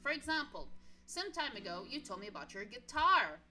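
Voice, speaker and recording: A woman putting on a bright, chatty best friend in her twenties from a story game, friendly and a little anxious, forever apologizing. Her voice sits fairly high and crisp. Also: very animated, moderate pace, faint music behind, heavily acted. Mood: helpful. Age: 20s.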